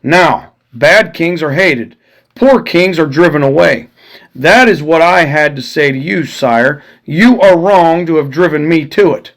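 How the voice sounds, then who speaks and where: A man's voice: on the high side, measured pace, fairly bright tone, poor audio. A man reading aloud voices a proud musketeer captain, delivering grave, impassioned declamation to a king. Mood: defiant.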